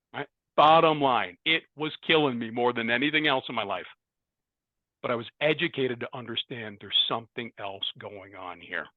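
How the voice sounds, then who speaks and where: A man's voice: mid-range voice, dry recording. A man giving a personal share at a recovery meeting, speaking emphatically and hammering on repeated words as he addresses the room. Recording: tinny phone-like dry sound.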